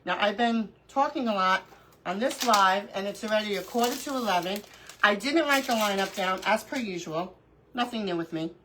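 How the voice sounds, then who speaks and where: Bright, animated woman telling stories. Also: mid-range voice, normal speed, slight background noise, rough recording. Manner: animated storyteller, laughs often. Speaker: craft livestream host. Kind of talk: casual chat during a live crafting stream.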